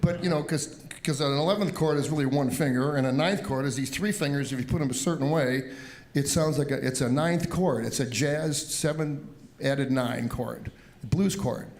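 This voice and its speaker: An older man from the Cleveland area recalls his early days as a musician. He talks in a relaxed interview style and acts out what people said as he goes. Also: mid-range voice, moderate pace. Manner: animated storyteller, acts out quotes. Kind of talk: storytelling interview.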